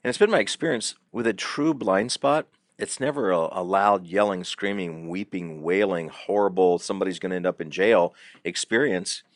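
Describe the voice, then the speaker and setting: A middle-aged man with a low voice tells animated stories on a podcast and keeps circling back on repeated fillers. The recording is dry and close, with no room sound. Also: normal speed, few pauses, no echo. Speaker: guest counselor. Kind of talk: conversational podcast advice.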